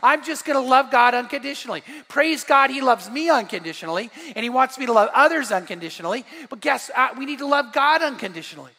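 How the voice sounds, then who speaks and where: A middle-aged pastor preaches with a high, bright voice, earnest and swelling into fervent emphasis. His words ring through a church hall with a long echo. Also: animated, fast talker, hardly any pauses. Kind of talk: sermon. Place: church sanctuary.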